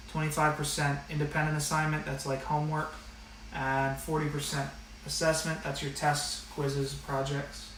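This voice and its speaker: A man's voice: a little high, bright, forceful tone, a little hiss or hum. A man teaching an online math class and going over the rules, talking in a casual, direct way with a lot of fillers. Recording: echoey room, slightly distant mic.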